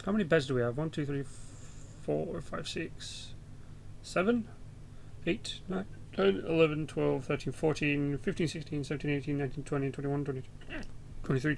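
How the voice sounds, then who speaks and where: A man's voice: a little high, gravelly, slight background noise. A young British man rambling through casual, sweary game commentary as a channel host. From Britain.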